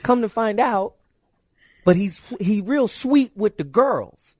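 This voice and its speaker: A man's voice: high-pitched, expressive, takes it slowly, no echo. A middle-aged man hosting a radio call-in show, loose and brash, telling stories and pushing the phone number. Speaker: radio talk show host. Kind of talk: late-night radio call-in talk. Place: radio studio. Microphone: studio microphone.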